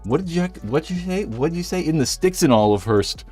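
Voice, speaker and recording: A man's voice: a little high, expressive, fast talker, a little mellow, breathy edge, soft background music. A man hosting a casual live stream, rambling and joking as he reads out viewers' messages, a little out of breath. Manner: rambling, jokey, reads chat aloud.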